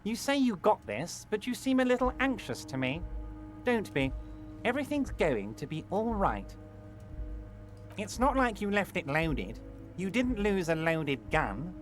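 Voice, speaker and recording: An actor playing a smug, smooth-talking union boss in a video game, patronizing and falsely soothing. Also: male voice, high voice, big pitch swings, unhurried. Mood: falsely reassuring. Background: faint game music.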